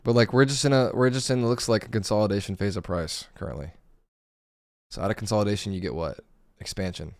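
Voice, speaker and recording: Gravelly low-voiced man narrating live trades. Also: quick pace, no room sound, clean studio sound. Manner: casual, thinking aloud over charts. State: hoarse, voice going. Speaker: day trading streamer. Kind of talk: live trading commentary.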